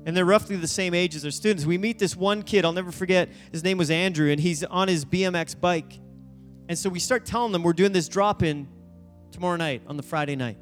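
A youth pastor with a high-pitched voice tells a sermon story from the pulpit at a fairly quick pace, animatedly acting out each character's quoted lines. A long reverb from the large church hall trails his words while soft instrumental music plays beneath.

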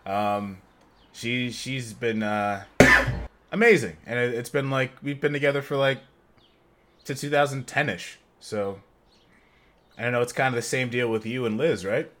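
A man's voice: medium pitch, unhurried, pauses often, pushed and bright. A man in his thirties hosting a casual podcast, joking around with restarts and trailing thoughts. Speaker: podcast host.

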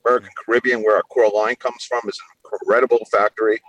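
Brisk man talking business. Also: on the low side, flat delivery, a bit bright, no room sound, poor audio. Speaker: guest. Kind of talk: casual interview chat.

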